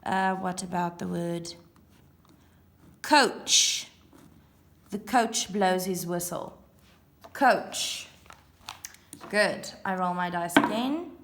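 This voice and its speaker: Woman, primary teacher, very slow and deliberate, phonics lesson for young learners. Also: on the low side, fairly bright tone, a little hiss or hum. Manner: slow, clear, sounding out letters and counting aloud.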